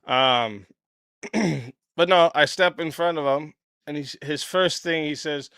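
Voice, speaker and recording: Male host, somewhat high and smooth voice, telling a story bluntly with lots of swearing and throat-clearing. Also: slow, fairly bright tone, no room sound, clean studio sound. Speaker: channel host. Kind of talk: casual storytelling.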